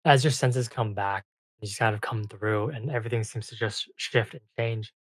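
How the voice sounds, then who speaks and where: A game master narrating a tabletop game in a loose, halting way with many fillers. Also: medium pitch, dry recording.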